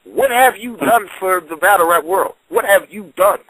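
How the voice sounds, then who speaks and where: A man's voice: high-pitched, normal speed, pushed and bright, husky, no echo, low-quality recording. A man, a battle rapper, in a heated radio argument, confrontational and stammering over his repeats.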